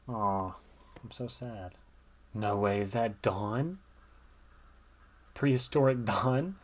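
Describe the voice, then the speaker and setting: A man's voice: fairly low pitch, slow pace, long pauses. A man giving chatty gameplay commentary, thinking aloud as he plays. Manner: chatty, thinks aloud, reads game dialogue. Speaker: gamer.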